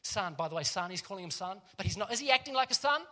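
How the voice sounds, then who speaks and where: High, bright-voiced New preacher. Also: male voice, fast talker. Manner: lively storytelling with joking asides to the congregation. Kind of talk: sermon.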